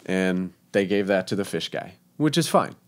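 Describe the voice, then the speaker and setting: Chef guy from texas, chatty, lots of so and uh, laughs a lot, lowish voice. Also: lively intonation, moderate pace. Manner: chatty, laughing, many fillers. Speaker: professional chef. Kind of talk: casual storytelling interview.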